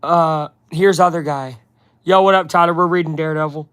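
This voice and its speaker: A chatty man on a live stream, talking casually and reading aloud between quick asides to his viewers. His voice sits a little high. The sound is dry and close, with no room echo. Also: steady tone, fairly bright tone, smooth.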